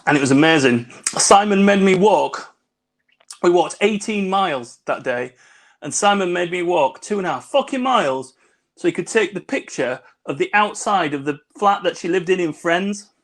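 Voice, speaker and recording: A man's voice: high voice, expressive, normal speed. A man co-hosting a casual video-call cocktail chat, rambling and swearing between laughs. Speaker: co-host.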